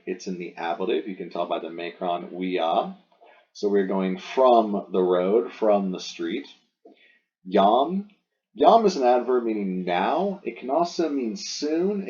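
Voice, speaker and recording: A low-voiced man talks slowly through a grammar lesson, explaining each step patiently and stopping to rephrase. The recording is dull and lo-fi. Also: a little mellow. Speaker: Latin teacher. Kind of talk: recorded lesson walking through exercise sentences.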